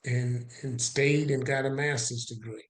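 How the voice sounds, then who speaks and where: A man with a medium-pitched voice telling a story as a podcast guest. He acts out both sides of the conversations he recounts. The recording carries a noticeable roomy echo. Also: fairly even intonation, measured pace.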